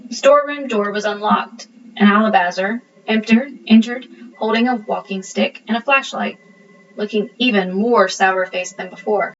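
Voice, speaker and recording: A woman narrating a storybook chapter in a steady, plain reading voice. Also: medium pitch, moderate pace, recorded from a distance, highs cut off, slight background noise. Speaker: audiobook narrator.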